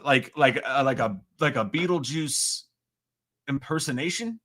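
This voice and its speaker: A man in his thirties hosting a livestream alone and reading out viewer comments in a rambling, self-mocking way, swinging from loud outbursts to quiet asides. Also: mid-range voice, expressive, a little slow. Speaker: livestream host.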